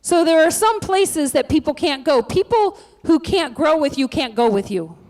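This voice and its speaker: Woman, pastor, high voice, lively sermon, chatty, joking asides. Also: moderate pace.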